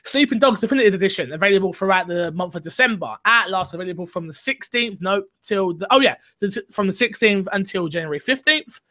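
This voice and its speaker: A man's voice: sits high, lively intonation, fast, hardly any pauses, bright, forceful tone. A young man hosting a gaming podcast, chatty and rambling in a casual way. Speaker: podcast host.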